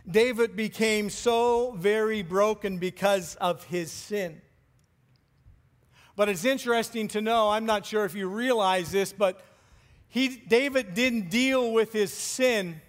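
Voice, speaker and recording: A man preaching a sermon, speaking deliberately with pauses and letting phrases trail off softly. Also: high-pitched. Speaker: pastor.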